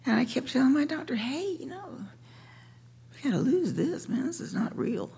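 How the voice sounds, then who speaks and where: At a recovery meeting in a meeting room, a woman shares her personal story in a wry, joking way, sometimes dropping to a near whisper. Her voice is high, very animated, mellow and slightly rough with vocal fry, at normal speed.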